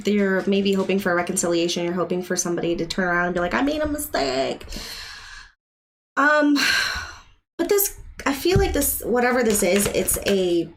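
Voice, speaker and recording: A woman's voice: medium pitch, normal speed, slight background noise. A woman doing a live-stream tarot reading, chatty and emotional, talking straight to her viewers. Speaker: tarot reader.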